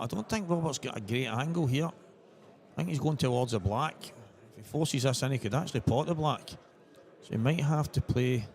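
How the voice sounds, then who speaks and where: A man's voice: medium pitch, a little mellow. A man giving live commentary on a pool match and chatting to viewers as guys.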